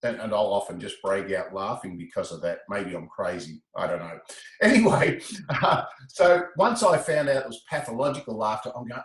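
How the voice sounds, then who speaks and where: Animated man telling his story. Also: fairly low pitch, moderate pace, echoey room, low-quality recording. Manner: animated, breaks into laughter, repeats words. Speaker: interview guest, laughter specialist. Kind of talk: storytelling in a casual interview.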